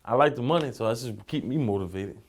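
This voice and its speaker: A man's voice: mid-range voice, animated, fast. A young man from Philadelphia, a rapper being interviewed, telling loose streetwise stories full of profanity and "you know what I'm saying.". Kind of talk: casual interview storytelling.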